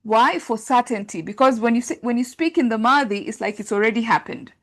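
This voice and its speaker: A woman teaching an Arabic grammar class, talking through translations in a relaxed conversational way with many fillers. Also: a little high, brisk. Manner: explains patiently, thinks aloud with many fillers; reads translations aloud and compares them.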